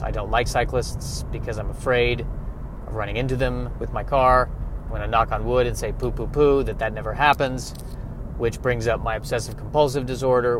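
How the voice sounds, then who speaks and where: A man's voice: medium pitch, noisy background. A man hosting a solo podcast, rambling in a wry, self-mocking way while he drives. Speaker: podcast host. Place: car, driving.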